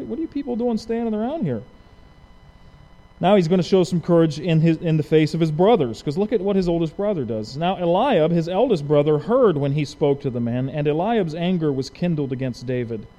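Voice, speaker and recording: A man's voice: a little high, a little fast, few pauses. A man preaching a verse-by-verse Bible sermon, asking his listeners questions and acting out the people in the story. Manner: lively, asks the audience questions; acts out quoted speech conversationally.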